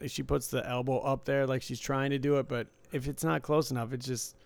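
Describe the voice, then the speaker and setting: Laid-back guy on a podcast mic, gravelly but smooth, rambling and laughing a lot, dry sound. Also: mid-range voice, little pitch movement, fairly quick, dry recording. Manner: easygoing, laughs often, rambling. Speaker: podcast co-host. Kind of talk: casual chat. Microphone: podcast microphone.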